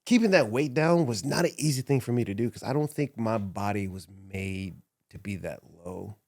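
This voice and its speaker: A man's voice: fairly low pitch, lively intonation, moderate pace, a little mellow, no room sound. A man, a former wrestler, recalling his career in a casual interview, laughing often as he talks. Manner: laughs often, emotional recollection. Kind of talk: casual storytelling.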